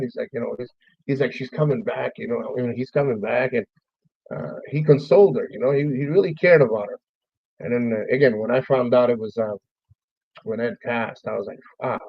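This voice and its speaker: A man's voice: medium pitch, gravelly, no room sound, lo-fi sound. A man giving a heartfelt, rambling memorial talk about a lost friend, swearing casually. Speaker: streamer. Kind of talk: emotional memorial monologue.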